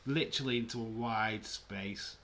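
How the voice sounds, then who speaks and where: A man hosting a livestream, giving relaxed, chatty commentary and reactions while watching a match. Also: fairly low pitch, normal speed, slight background noise. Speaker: livestream host. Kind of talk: casual live match commentary.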